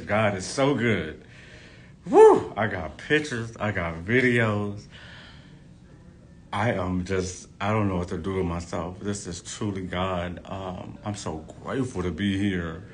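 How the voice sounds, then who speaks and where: A man's voice: low voice, a little hiss or hum. A hairstylist talking to his followers in a casual, effusive vlog, gushing and repeating himself.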